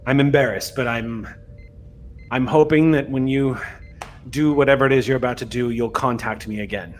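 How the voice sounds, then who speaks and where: A man's voice: mid-range voice, a little hiss or hum, natural voice. A man voicing a humbled male alien ruler who stammers and hesitates. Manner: halting, stammering.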